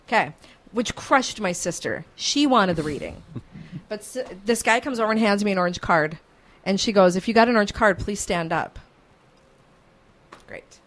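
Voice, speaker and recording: A woman hosting a morning radio show, telling a story in an animated, chatty way. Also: mid-range voice, normal speed, long pauses. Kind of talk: casual radio chat, storytelling. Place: radio studio.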